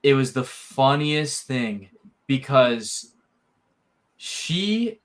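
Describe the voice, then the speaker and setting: A man's voice: medium pitch, sing-song, drawn-out words. A man hosting a casual podcast chat, talking in a rambling, filler-heavy way.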